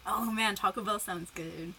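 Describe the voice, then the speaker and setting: A woman's voice: mid-range voice, normal speed, bright, forceful tone, a little hiss or hum, rough recording. A young woman livestreaming in casual chat, giggling, greeting viewers by name and talking while eating.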